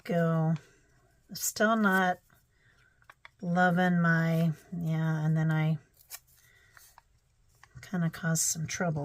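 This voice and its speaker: A woman's voice: low voice, flat delivery, very slow, long pauses, no room sound. A woman narrating her crafting casually, thinking aloud with chatty, self-deprecating asides.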